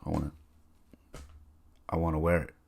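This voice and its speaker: On his podcast, a middle-aged man tells a personal story at normal speed in an extremely low, gravelly, darkish voice with little pitch movement. He's casual and full of fillers, acting out quoted voices, and there's a little hiss or hum.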